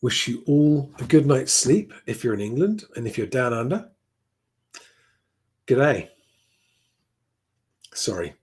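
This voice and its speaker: Husky-voiced man rambling on a live stream. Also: mid-range voice, sing-song, moderate pace, few pauses, darkish tone. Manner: rambling, chatty, many restarts. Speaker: livestream host reading viewer comments. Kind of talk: casual live-stream chat.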